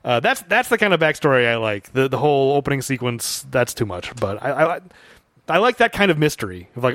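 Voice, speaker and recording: A man's voice: medium pitch, big pitch swings, a little fast, fairly bright tone, dry recording. Man musing in a dry podcast voice. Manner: thoughtful, repeats words when restarting. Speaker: podcast co-host. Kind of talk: casual film discussion.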